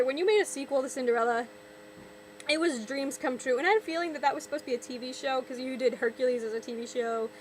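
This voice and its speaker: A woman's voice: high voice, a little hiss or hum, poor audio. A young woman vlogger ranting sarcastically, exasperated, often repeating and restarting her words. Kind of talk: ranting vlog commentary.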